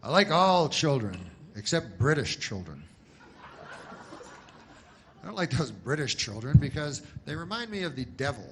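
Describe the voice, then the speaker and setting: Rambling deadpan stand-up comic man. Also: on the high side, background noise. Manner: rambling deadpan delivery with long pauses and restarts; mocks a pushy announcer in loud bursts. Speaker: comedian. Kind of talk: stand-up comedy routine.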